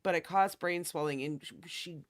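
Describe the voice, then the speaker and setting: A stream host speaking thoughtfully in a casual chat, pausing and restarting often. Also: medium pitch, no room sound, studio quality. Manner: thoughtful, halting, with many restarts.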